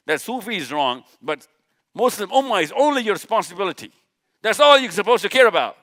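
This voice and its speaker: Man, impassioned lecture, rhetorical questions, lively swinging pitch. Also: quick pace. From Pakistan. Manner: emphatic, rhetorical questions, repeats points. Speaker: speaker at a live session.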